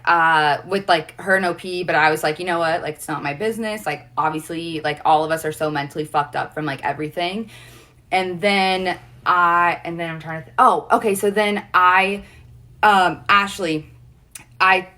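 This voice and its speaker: Young woman, livestream guest; low pitch, bright edge, rambling casual storytelling. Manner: rambling storytelling, heavy "like" fillers.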